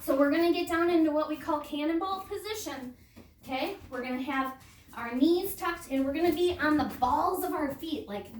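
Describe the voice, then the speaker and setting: A young woman patiently coaches a beginner kids' gymnastics class through a demonstration, ending phrases by checking in with "okay?" after each step. Her voice sits high, heard from far off in an echoey gym with a little hiss or hum.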